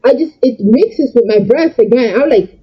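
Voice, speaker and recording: A young woman telling an emotional storytime vlog, agitated and swinging between loud outbursts and quieter asides. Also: on the high side, animated, normal speed, highs cut off, slight background noise. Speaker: storytime vlogger.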